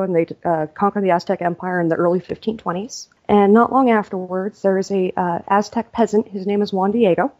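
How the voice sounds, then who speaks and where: A woman author, a podcast guest, telling a story in a lively, casual way. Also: medium pitch, dull audio.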